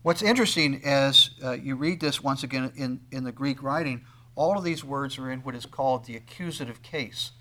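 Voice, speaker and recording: A man preaching a sermon, swinging between loud emphatic lines and quiet asides, and acting out the voices of the people he quotes. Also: medium pitch, normal speed. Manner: acts out quoted speakers in conversational tones. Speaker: pastor.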